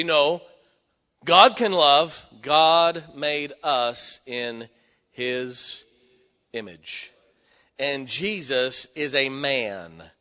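Man, pastor, sermon, folksy joking delivery, somewhat high voice. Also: pushed and bright. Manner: folksy, joking preacher with rising emphatic bursts. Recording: long hall reverb.

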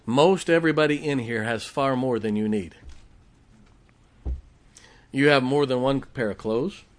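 A man's voice: mid-range voice, measured pace. A middle-aged man preaching a folksy sermon, often asking the congregation questions. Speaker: pastor.

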